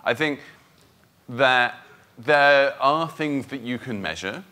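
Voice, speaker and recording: A man's voice: medium pitch, lively intonation, slow, pushed and bright. A British man with a somewhat nasal voice, a finance blogger answering questions onstage, frank and opinionated with frequent restarts. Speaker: finance blogger, panel guest. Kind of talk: onstage conference Q&A.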